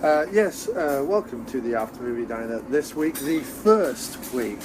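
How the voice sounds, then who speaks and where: A man's voice: medium pitch, lively intonation, moderate pace, over a noisy crowd. A man co-hosting a casual podcast, rambling and playful with jokey asides. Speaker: podcast co-host. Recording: noisy background. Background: diner ambience.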